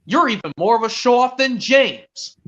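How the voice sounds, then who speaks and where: A man's voice: extremely high pitch, animated, normal speed, a bit bright, lo-fi sound, pitched above the performer's own voice. A man voicing a proud, boastful big male engine from a cartoon, scolding emphatically.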